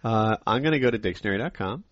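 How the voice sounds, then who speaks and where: A low-pitched man with a general American accent talks casually on a podcast, his voice swinging widely from calm musing to loud astonishment. The recording is dull and lo-fi, with a dry, close sound. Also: racing, no room sound. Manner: excitable, jumps to loud surprise. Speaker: podcast co-host. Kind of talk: casual chat.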